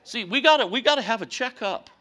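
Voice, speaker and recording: A man in his fifties, a pastor preaching a humorous sermon with animated, mock-whining storytelling and folksy speech. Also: very high-pitched, fast talker. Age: 50s.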